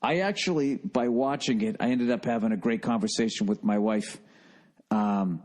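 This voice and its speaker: A man's voice: fairly low pitch, normal speed, darkish tone. A middle-aged man with a Boston accent hosting a solo podcast, rambling in a profane, self-mocking and distracted way. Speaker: podcast host.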